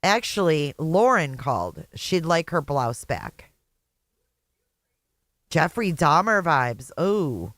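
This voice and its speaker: A middle-aged host from Indiana riffs through live reaction commentary with blunt, profane sarcasm. The voice sits at an ordinary mid pitch, recorded close on a dry, dead-sounding mic. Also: very animated, takes it slowly, pauses often, a bit bright, no room sound. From Indiana, USA. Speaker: channel host.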